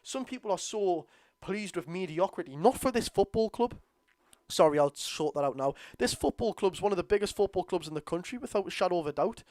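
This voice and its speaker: A man's voice: high voice, expressive, fairly quick, a little mellow, dry recording, clean studio sound. A young Geordie man from North East England giving blunt, exasperated live commentary as a football fan streamer.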